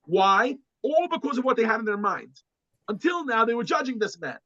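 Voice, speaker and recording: A man's voice: extremely high pitch, big pitch swings, a little fast, sharp tone, dry recording, dull audio. A man teaching a class, telling a story to make his point, often repeating words and restarting sentences.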